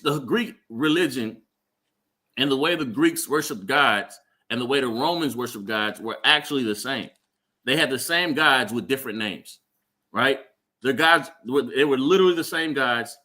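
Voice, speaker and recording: Guy teaching a bible class, bright tense voice, keeps saying right?. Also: medium pitch. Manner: repeats words, checks in with "right?". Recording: live stream.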